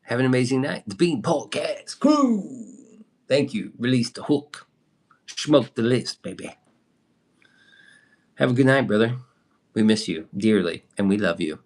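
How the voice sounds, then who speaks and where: A man's voice: mid-range voice, expressive, a little slow, pauses often. A young man chatting loosely on a livestream, swearing now and then and answering viewer comments. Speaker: livestream host. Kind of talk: casual livestream chat.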